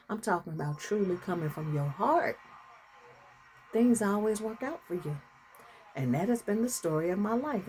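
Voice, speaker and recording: A woman's voice: mid-range voice, warm tone, slight background noise. A middle-aged woman talking casually to her camera, emphatic and slangy, laughing often. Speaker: vlogger caring for her mother-in-law. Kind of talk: casual reflective monologue.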